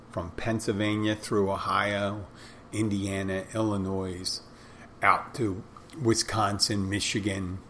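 A man with a fairly low voice talks through a solo podcast episode. He drifts from point to point and corrects himself mid-sentence. A faint hum of noise sits under the recording. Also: a bit bright. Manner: rambling, conversational, self-correcting. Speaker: podcast host. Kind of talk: casual solo podcast monologue.

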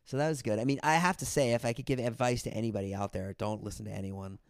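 A man's voice: mid-range voice, fairly even intonation, fast talker, no echo, clean studio sound. A man talking as a guest, telling rambling stories in casual chat and acting out what other people said. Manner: rambling, quotes people in put-on voices. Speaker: podcast guest, comedian and filmmaker. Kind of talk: casual storytelling.

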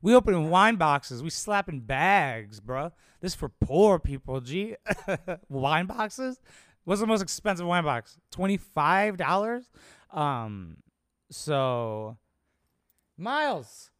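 Rambling, cursing young comedian. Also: male voice, sits high, lively intonation, takes it slowly, a bit bright, no echo, clean studio sound. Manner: rambling, profane, laid-back. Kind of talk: casual solo monologue.

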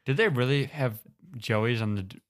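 A man's voice: medium pitch, normal speed. A man co-hosting a casual podcast, reacting to stories with dry, sarcastic jokes. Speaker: podcast co-host. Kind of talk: casual chat.

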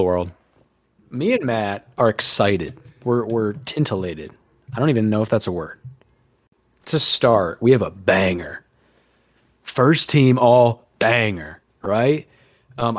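A man's voice: lowish voice, dry recording, clean studio sound. A man hosting a podcast in casual chat, rambling and sarcastic, swearing casually. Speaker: podcast host.

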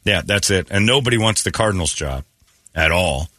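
A middle-aged man hosting morning radio, with a very deep voice that still swings widely as he jokes. The tone is bright and a touch husky, and he speaks into a dry, close studio mic, quick with sarcasm. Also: no echo. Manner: joking, sarcastic, animated delivery. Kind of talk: casual morning show banter. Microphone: studio microphone.

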